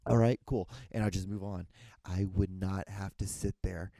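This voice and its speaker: A man's voice: deep voice, completely flat delivery, normal speed, dark tone, dry recording. A young man hosting a solo podcast, rambling with frequent restarts and casual swearing. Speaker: podcast host.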